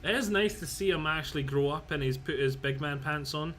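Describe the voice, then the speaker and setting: A man with a somewhat high voice chatting on a co-op game stream. He is easygoing and patient as he walks through game details. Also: brisk, fairly bright tone. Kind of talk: casual gaming chat.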